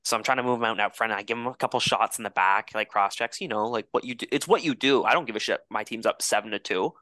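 A young man co-hosting a podcast, telling an animated, profanity-laced story in casual chat. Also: fairly low pitch, fast, dry recording, studio quality. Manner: animated storyteller, swears a lot. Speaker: podcast co-host.

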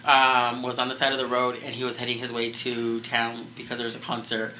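A man's voice: medium pitch, completely flat delivery, fairly quick, bright, forceful tone, slight background noise, poor audio. A man co-hosting a casual true-crime podcast, rambling through the story with lots of "like" and restarts. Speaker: podcast co-host.

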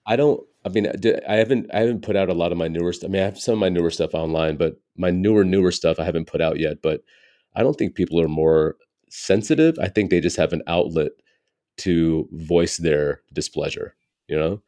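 Man in his forties, American, very low voice, mellow, candid and reflective. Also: brisk. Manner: candid, reflective storytelling with frequent "you know". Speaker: stand-up comedian, guest. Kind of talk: casual interview conversation.

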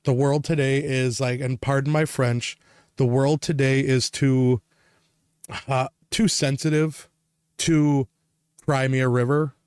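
A man's voice: mid-range voice, flat delivery, takes it slowly, a little mellow, smooth, no room sound, clean studio sound. A man from Wisconsin co-hosting a casual podcast, telling a road story in a profane, ranting way. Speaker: podcast co-host. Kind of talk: casual chat.

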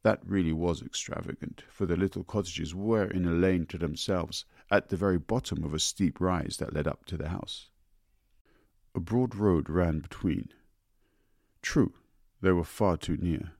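A man reading a story aloud in a measured, deliberate way. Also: low-pitched, creaky, a little mellow, dry recording, clean studio sound. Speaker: narrator. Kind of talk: audiobook narration.

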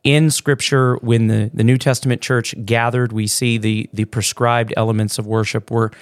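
A man who is a pastor, co-hosting a church podcast in relaxed, joking chat with many fillers and restarts. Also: mid-range voice, normal speed, no room sound, clean studio sound. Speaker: pastor, co-host.

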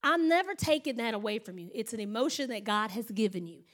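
A woman pastor preaching a sermon in an animated storytelling manner, acting out her own thoughts and laughing often. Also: fairly high pitch, quick pace.

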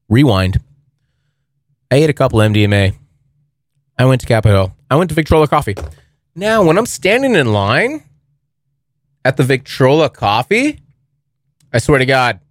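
A young man hosting a podcast from a basement, telling a rambling story full of swearing, talking to his listeners as bros. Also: medium pitch. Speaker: podcast host. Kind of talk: casual storytelling monologue. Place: basement near a furnace.

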